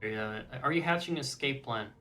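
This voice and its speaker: A man streaming a video game, chatting casually in a rambling, joking way, with swearing, often trailing off softly. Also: medium pitch, fast. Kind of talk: casual gameplay commentary.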